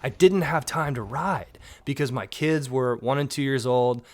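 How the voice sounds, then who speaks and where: A Southern man in his thirties talks straight to the viewer like a coach, direct and plain-spoken with the odd wry joke. His voice sits at an ordinary middle pitch. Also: a little slow. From Georgia, US. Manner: direct, coaching, joking asides. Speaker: mountain bike coach. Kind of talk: casual instructional talk to camera.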